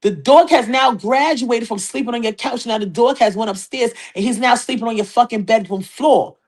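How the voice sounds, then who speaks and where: A woman's voice: fairly high pitch, moderate pace. Brash profane New woman host. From New York City, Queens. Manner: brash, profane, animated, talks straight to viewers. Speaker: podcast host. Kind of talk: hip hop gossip commentary.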